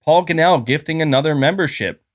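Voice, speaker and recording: A man's voice: on the high side, fairly quick, no room sound, clean studio sound. A man hosting a casual gaming livestream, rambling and thanking viewers, with a sore throat. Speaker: gaming channel host.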